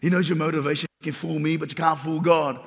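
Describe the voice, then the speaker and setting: A man's voice: a little high, little pitch movement, fast, vocal fry. A man preaching a sermon as pastor, repeating phrases and building emphasis. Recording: long reverb of a large hall.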